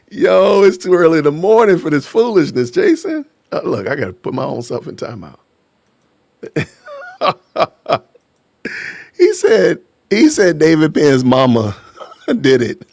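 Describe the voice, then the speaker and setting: Lively, jokey man from Illinois, dry sound. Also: a little high, normal speed, creaky, no echo. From Illinois, USA. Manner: lively and jokey, laughing often, greeting the chat. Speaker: livestream host. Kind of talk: casual live stream chat. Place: lives in Georgia, USA.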